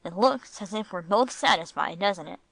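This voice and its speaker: A woman's voice: medium pitch, lively intonation, moderate pace, vocal fry, fairly bright tone, no echo. A woman reading the lines of a playful, mock-serious middle-aged husband. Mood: teasing.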